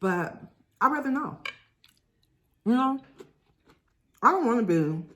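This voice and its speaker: A young woman vlogger chatting casually to viewers while eating, telling a story in an animated way. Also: a little high, slow. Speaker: mukbang vlogger.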